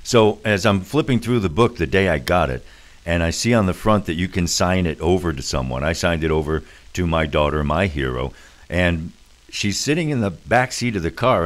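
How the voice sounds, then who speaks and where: A man hosting a radio interview, chatty and pressing with his questions. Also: deep voice. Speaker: radio host.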